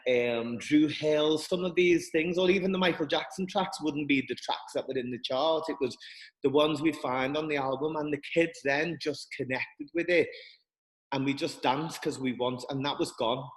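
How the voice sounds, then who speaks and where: A man speaking earnestly and haltingly as a guest, often restarting his sentences. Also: mid-range voice, long reverb tail, poor audio. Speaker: guest, dance school director. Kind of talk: reflective interview talk.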